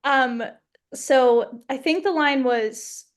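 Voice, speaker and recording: A woman's voice: high voice, slow. A young woman, a guest actress, telling stories in a bubbly, laugh-filled way during a casual interview. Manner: bubbly, laughs often, storytelling.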